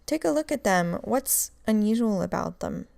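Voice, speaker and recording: A woman's voice: mid-range voice, lively intonation, moderate pace, gravelly, darkish tone, dry recording. A woman teaching a recorded grammar lecture, explaining step by step and drilling examples. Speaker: Russian language teacher.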